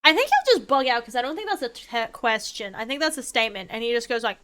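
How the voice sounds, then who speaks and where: A young woman streams a game and talks her way through it, rambling, swearing and bursting into excited shouts. Her voice sits high and sounds bright and crisply clean. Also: quick pace. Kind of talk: casual gameplay chat.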